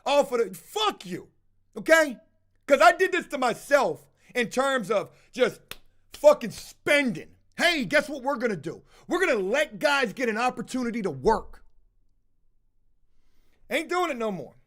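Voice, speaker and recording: A man rants straight to his viewers, swearing nonstop. He speaks loudly and belligerently, calls the audience folks, and pushes every line hard. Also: very high voice, big pitch swings, measured pace. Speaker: video host. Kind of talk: profane ranting storytime.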